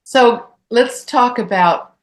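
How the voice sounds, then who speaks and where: A woman co-hosting a casual chat, speaking in an unhurried, affirming way. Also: fairly high pitch. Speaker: co-host.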